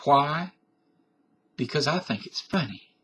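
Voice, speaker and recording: A man's voice: on the high side, animated, takes it slowly, a bit bright, slight background noise. A middle-aged man from Canada giving a defiant, blustering comic rant to his webcam, tough-talking and profane. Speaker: vlogger. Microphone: webcam microphone.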